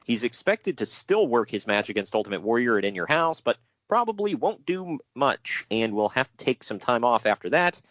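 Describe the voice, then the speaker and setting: Casual male podcast co-host, lively and sarcastic, mid-range pitch, dry lo-fi sound. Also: brisk, few pauses, no echo. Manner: animated, sarcastic, laughs often. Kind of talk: casual wrestling news chat.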